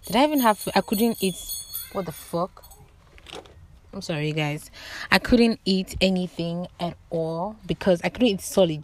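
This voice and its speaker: A young woman in her twenties vlogging, telling a story to her viewers in a dramatic, animated way, with loud exclamations and casual swearing. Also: fairly low pitch.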